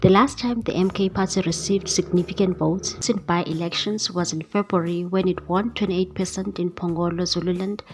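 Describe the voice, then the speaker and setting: Newsreader, woman, lowish register, steady scripted delivery, faint music underneath. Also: normal speed, few pauses. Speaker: news presenter. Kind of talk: scripted news reading.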